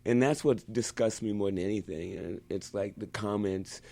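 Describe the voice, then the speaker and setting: A man's voice: fairly low pitch, moderate pace, vocal fry, mellow. A man from the United States chatting as a podcast guest, telling stories animatedly, laughing often and swearing freely. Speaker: guest musician. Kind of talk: casual podcast chat.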